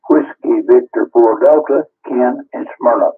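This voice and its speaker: A man's voice: mid-range voice, a little slow, slightly rough. A man calling in to a ham radio net, easygoing and joking in casual chat. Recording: tinny radio transmission.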